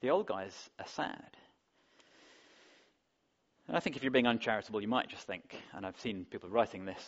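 Male preacher, lowish voice, chatty sermon style with rhetorical questions; dull lo-fi recording. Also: animated, normal speed, long pauses. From England. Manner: conversational, asks the congregation rhetorical questions.

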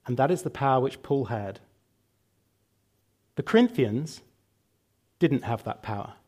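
A man's voice: mid-range voice, expressive, measured pace, darkish tone. A man preaching a sermon and leading a prayer, emphatic and building through lists, later answering questions with some fillers.

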